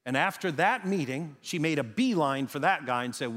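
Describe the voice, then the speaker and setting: A man preaching a sermon, telling a story with emphatic, dramatic pauses. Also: a little high, lively intonation, a bit bright. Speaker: pastor. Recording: reverberant hall sound.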